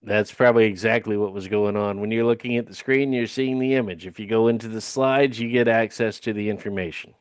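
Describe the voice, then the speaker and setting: A man's voice: on the low side, brisk, hardly any pauses, clear, resonant tone, no echo, clean studio sound. A man co-hosting a live trading webinar, polite and explanatory, pointing listeners to resources. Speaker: co-host. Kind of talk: casual live webinar talk. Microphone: video call.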